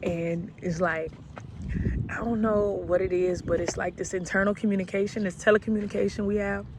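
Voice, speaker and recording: A woman's voice: medium pitch, steady tone, fairly quick, background noise. A woman from Alabama, telling a story in a vlog in a laid-back, slangy, chatty way. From Alabama, US South. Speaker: vlogger.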